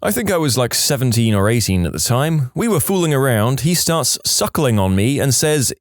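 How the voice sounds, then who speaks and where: Lively male reddit story narrator. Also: mid-range voice, moderate pace, few pauses, dry recording, studio quality. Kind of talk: reading reddit stories aloud.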